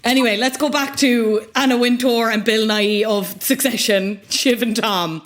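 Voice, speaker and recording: A woman's voice: on the high side, steady tone, normal speed. A young woman co-hosting a podcast in casual chat, playful and chatty, often laughing as she talks. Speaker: podcast co-host.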